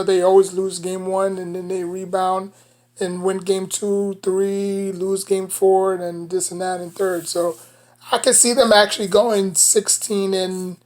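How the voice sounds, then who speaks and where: A woman's voice: mid-range voice, darkish tone. A woman with a New York accent giving casual basketball commentary as a sports vlogger, rambling and leaning on "you know" between thoughts.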